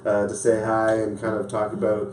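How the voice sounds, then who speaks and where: A man's voice: fairly low pitch, monotone, moderate pace, a little mellow, roomy sound, recorded from a distance, slight background noise, rough recording. A man hosting a talk show in casual chat, laughing often and talking loosely. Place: small room with live audience.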